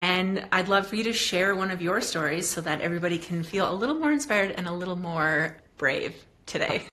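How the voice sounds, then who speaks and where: A woman's voice: fairly low pitch, animated, brisk, a bit bright. A woman hosting a podcast interview, upbeat and encouraging as she introduces the theme and the question. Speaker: podcast host.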